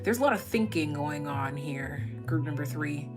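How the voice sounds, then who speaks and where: A woman's voice: sits low, expressive, moderate pace, music in the background. Rambling, joking woman tarot reader. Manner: chatty, rambling, swears freely and laughs at own jokes. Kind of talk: casual live-stream tarot reading.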